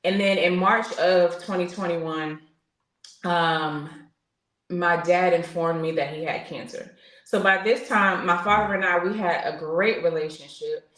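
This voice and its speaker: Earnest low-voiced woman in her forties. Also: steady tone, a little slow, a bit bright. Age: 40s. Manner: earnest, open, with frequent fillers and restarts. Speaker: podcast guest, military veteran. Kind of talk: candid personal storytelling in conversation. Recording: roomy echo.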